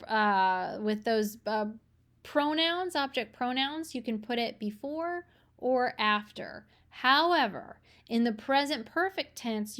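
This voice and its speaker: A woman teaching a grammar lesson, slowing down to read each example sentence clearly. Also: fairly high pitch. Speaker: language teacher.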